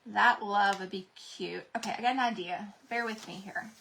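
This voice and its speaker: Woman rambling thru a live paint-along, bright voice, bit of background noise. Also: medium pitch, moderate pace, gravelly. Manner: rambling, talks to viewers directly. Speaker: craft livestream host. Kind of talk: chatty live craft demo.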